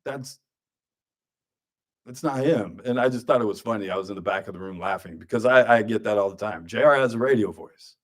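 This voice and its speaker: A man in his thirties hosts a radio talk show from the studio. His voice sits a little low, and he keeps the chat casual with joking, grumpy asides. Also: a little fast.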